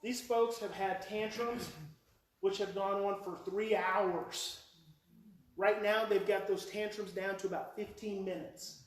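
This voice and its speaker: A man giving a live talk on parenting, telling a story with lively mimicry and repeating key phrases for effect. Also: sits high, measured pace. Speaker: parenting speaker. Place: hall with a live audience. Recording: echoey hall, speaker heard from far off.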